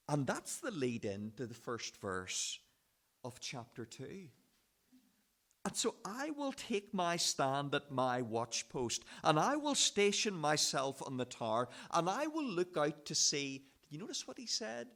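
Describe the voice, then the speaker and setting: Animated male preacher, slow and emphatic. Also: fairly high pitch. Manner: impassioned, voicing the prophet's complaint. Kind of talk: sermon. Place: church.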